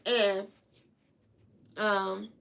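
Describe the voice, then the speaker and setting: A woman's voice: mid-range voice, little pitch movement, drawn-out words, gravelly, fairly bright tone. A woman hosting a podcast from her own room, telling a story casually to listeners and acting out both sides of phone calls with lots of animation. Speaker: podcast host.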